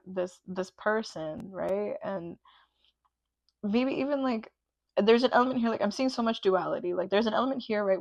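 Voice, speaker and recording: A woman's voice: on the low side, no echo, dull audio. A woman giving a pick-a-card tarot reading, gushing and emotional and full of "like" fillers. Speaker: tarot reader.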